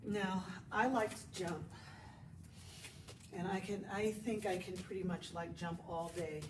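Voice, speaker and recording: A woman's voice: on the low side, fairly even intonation, measured pace, far from the mic. Chatty woman yoga teacher in an echoey room. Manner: chatty, encouraging, counts poses aloud. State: out of breath at times. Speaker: yoga instructor. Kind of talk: live yoga class instruction. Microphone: body mic, at times distant. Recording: echoey room, voice from off mic, faint noise.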